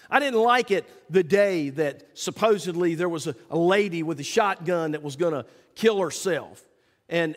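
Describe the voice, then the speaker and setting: A middle-aged man preaching a sermon, telling a story with lively acted-out quotes. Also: high-pitched. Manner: animated storytelling, acts out quotes loudly. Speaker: pastor. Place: church sanctuary. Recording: long reverb of a church hall.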